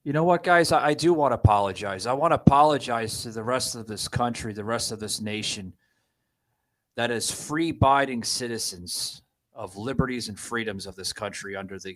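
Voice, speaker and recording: Halting, indignant male podcast host. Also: lowish voice, fairly bright tone. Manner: halting, repeats words, then rises to indignant emphasis. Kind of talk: political commentary podcast.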